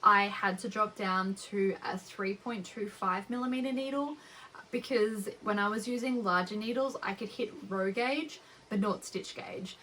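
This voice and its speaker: Chatty Australian woman with a bright voice. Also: mid-range voice, a little slow, slight background noise, low-quality recording. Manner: chatty, rambling. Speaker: knitting podcast host. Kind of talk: casual chat.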